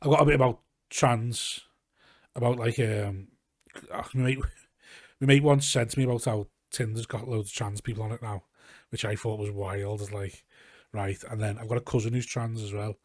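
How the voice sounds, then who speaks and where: A Scouse-accented comedian from Liverpool, England, guests on a casual podcast recorded in a garage, telling rambling, sweary anecdotes and acting out what people said. His voice is lowish and a little mellow, with a steady tone at normal speed. The sound is clean studio quality with no room sound.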